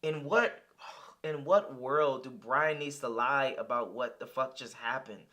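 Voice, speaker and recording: A man's voice: mid-range voice, unhurried, pushed and bright. A young man giving casual reaction commentary, blunt, profane and heated. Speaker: reaction streamer.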